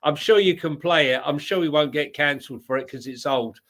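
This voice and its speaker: High-voiced man co-hosting a football chat. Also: brisk, crowd noise. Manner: jokey, laughs often, rambling asides. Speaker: co-host.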